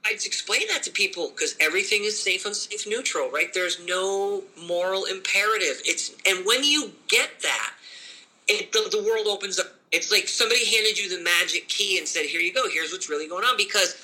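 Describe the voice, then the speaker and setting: A middle-aged dog trainer talks in a lively, conversational way, jumping into short put-on voices for owners and dogs. His voice sits high for a man and sounds very bright and cutting. He keeps a casual, energetic manner throughout. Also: rough recording. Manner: animated, acts out owners and dogs in quick voices.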